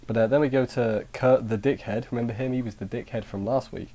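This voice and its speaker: A man's voice: mid-range voice, fairly even intonation, fast, dark tone. A man giving a casual anime review, rambling with frequent restarts and dry sarcasm. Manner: rambling, sarcastic, self-interrupting.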